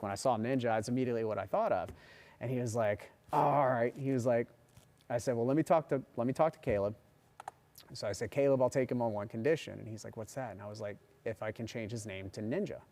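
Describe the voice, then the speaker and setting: A man's voice: mid-range voice, a little mellow. A man in his forties, a meteorologist hosting a livestream, chatting casually, telling a long story and answering viewer comments. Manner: chatty and rambling, reads viewer comments aloud. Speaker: meteorologist and show host.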